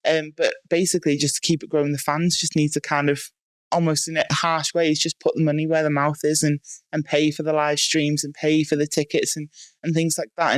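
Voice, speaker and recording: A woman athlete answering interview questions in a relaxed, casual way, with plenty of "um" and "like". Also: sits low, no room sound. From United Kingdom. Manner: relaxed, filler-heavy, with frequent "um" and "like". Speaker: strongwoman athlete, podcast guest.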